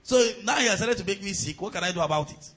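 A man preaching a sermon as pastor. His delivery swings between loud, shouted surges and quieter storytelling. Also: high voice, lively intonation, fast, breathy edge, low-quality recording.

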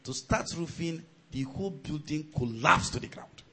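A man preaching a sermon as pastor. His delivery swings between loud, shouted surges and quieter storytelling. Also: fairly high pitch, expressive, normal speed, breathy edge, poor audio.

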